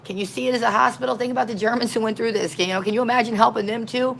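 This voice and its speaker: A woman's voice: on the high side, steady tone, rapid-fire, creaky, a little hiss or hum, voice pushed up, rough recording. A woman voicing a dying woman who earnestly pleads with her sister in a retold story. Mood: pleading. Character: dying woman with gentle hopeful faith.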